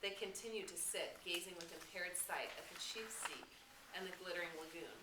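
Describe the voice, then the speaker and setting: A woman teacher reading a novel aloud in a steady, expressive way. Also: lowish voice. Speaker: English teacher. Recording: roomy room, distant mic, faint hiss.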